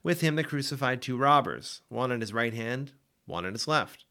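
A man reading scripture aloud for a daily Bible podcast, with an expressive, dramatic delivery. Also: mid-range voice, normal speed. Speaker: Bible reader.

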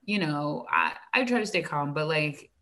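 A young woman, a teacher, chatting casually and acting out her students and herself in animated stories. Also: sits low, normal speed. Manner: animated storytelling, acts out student dialogue, frequent "like". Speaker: elementary school teacher. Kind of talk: casual chat.

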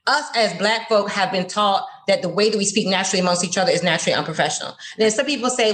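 Fast-talking animated woman. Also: mid-range voice. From Florida, USA. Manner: animated, expressive storytelling. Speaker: guest. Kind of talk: conversational interview.

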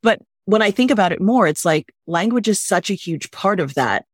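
Woman guest on a podcast, lively and emphatic, acts out quotes, dry close sound. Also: mid-range voice, normal speed, slightly rough, dry recording. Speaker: guest, wedding planner. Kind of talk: casual podcast chat. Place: lives in Los Angeles.

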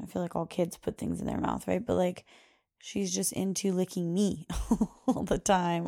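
A woman's voice: on the low side, gravelly, mellow. A young woman hosting a parenting podcast, chatting casually and rambling with lots of fillers and little laughs. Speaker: podcast host. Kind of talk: casual chat.

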